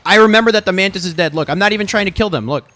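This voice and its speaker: A young man talks rapid-fire in a high, sharp voice as he reviews his own gameplay footage. He's insistent and emphatic, repeating himself and cursing freely throughout the commentary.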